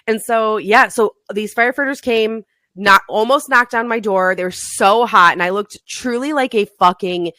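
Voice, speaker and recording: A woman co-hosting a podcast, telling a story in casual chat, animated and swearing freely. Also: medium pitch, normal speed, dry recording, clean studio sound. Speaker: podcast co-host.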